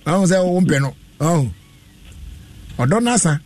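A man hosting a radio call-in show, giving callers measured advice. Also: a little high, animated, darkish tone. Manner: advising, measured.

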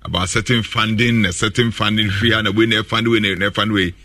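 Emphatic Ghanaian sports radio panelist. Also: male voice, on the low side, steady tone, normal speed, hardly any pauses, sharp tone, no room sound. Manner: emphatic, repeats himself, stumbles.

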